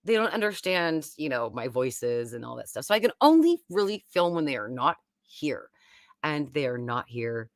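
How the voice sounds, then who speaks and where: A woman's voice: low voice, sing-song, normal speed, dry recording, studio quality. A woman, hosting a casual, rambling live-stream chat from home. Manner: chatty and rambling. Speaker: YouTube host.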